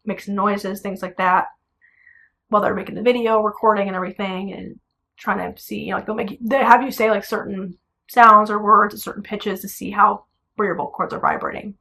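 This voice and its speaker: Young woman, singer, casual vlog to camera, bright and forceful, blunt, cusses freely. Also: medium pitch, brisk, creaky. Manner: animated, blunt, swears casually. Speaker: singer telling her story.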